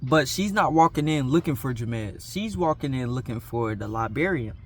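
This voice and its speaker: A man's voice: mid-range voice, lively intonation, normal speed, slight background noise. A young man telling a school story in a casual, slangy, self-mocking way. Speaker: vlogger.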